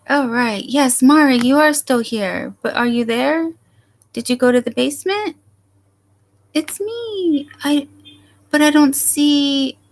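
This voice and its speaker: A rambling, chatty woman hosting a casual livestream from home. Her voice sits a bit high and she talks slowly, drifting from thought to thought as she greets viewers by name. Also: creaky. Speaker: livestream host. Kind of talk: casual late-night livestream chat.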